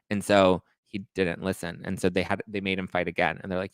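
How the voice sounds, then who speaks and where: A man's voice: low voice, level tone, fast, few pauses, clear, resonant tone, no room sound. A male host recapping reality TV gossip in a casual, crude, playful way. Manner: gossipy, crude, playful, breaks into song snippets.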